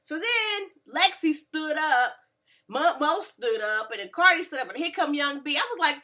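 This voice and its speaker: A woman, casually recapping a reality show and acting out quotes with lively voices. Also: sits high, normal speed. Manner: animated, mimics people in quotes. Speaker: reality TV reviewer.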